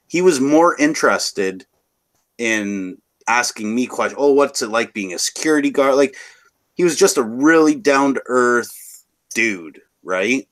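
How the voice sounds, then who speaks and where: Brief: Canadian guy, low-ish voice, loose rambling chatter with lots of cursing. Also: fairly bright tone. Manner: rambling, swears freely. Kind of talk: casual chat.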